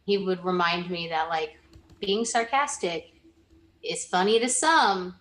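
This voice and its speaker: A woman's voice: fairly low pitch, a little slow, a bit bright, reverberant, slight background noise. A young woman in a casual interview, talking earnestly about past mentors and often restarting her sentences. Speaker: interviewee, former student.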